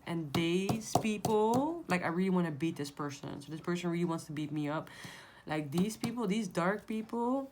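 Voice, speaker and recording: A woman with a somewhat low voice talks straight to her viewers as she reads tarot cards. She is blunt and emphatic and swears freely in a casual tone. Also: lively intonation, normal speed, a little mellow, slight background noise. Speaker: tarot reader. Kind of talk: casual tarot reading to camera.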